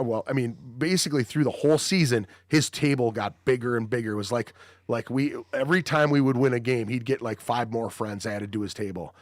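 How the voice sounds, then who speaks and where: A man's voice: mid-range voice, dry recording, clean studio sound. Swearing, rambling male podcast host. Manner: swears constantly, rambling storyteller. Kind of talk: casual chat.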